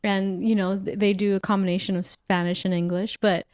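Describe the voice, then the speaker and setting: A woman's voice: mid-range voice, little pitch movement, brisk, darkish tone, clear, resonant tone, dry recording. A woman from the United States hosting a podcast in an easygoing, casual conversation, laughing often and talking loosely with fillers. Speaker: podcast host; nurse.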